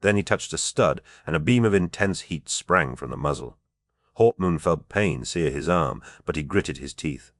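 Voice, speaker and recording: Very deep-voiced male audiobook narrator. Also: expressive, normal speed, dry recording, studio quality. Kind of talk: scripted narration.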